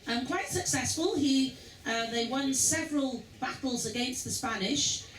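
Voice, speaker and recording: A woman's voice: high-pitched, unhurried. A woman giving an informal history talk to cruise passengers, chatty and asking the audience questions. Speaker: cruise lecturer. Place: lounge aboard a river cruise ship. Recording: roomy, distant, faint background noise.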